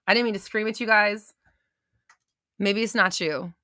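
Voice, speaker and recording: Hosting a live manifestation coaching stream, a young woman chats loosely and excitedly with viewers, swearing now and then and reading their comments aloud. Her medium-pitched voice is bright and forceful, at a moderate pace with frequent pauses. The sound is close and dry.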